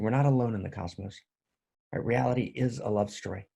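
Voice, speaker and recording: A man's voice: lowish voice, fairly quick, gravelly, dark tone, slightly rough. A tired man giving an earnest, livestreamed spiritual talk, often checking in with his listeners. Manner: earnest, repetitive, often asks "right?". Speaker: spiritual teacher.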